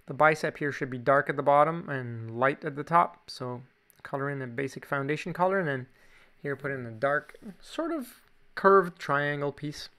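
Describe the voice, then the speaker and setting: A man's voice: on the high side, normal speed, fairly bright tone, smooth. A man with a Canadian accent, chatting casually through a drawing tutorial with jokey asides. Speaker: drawing teacher.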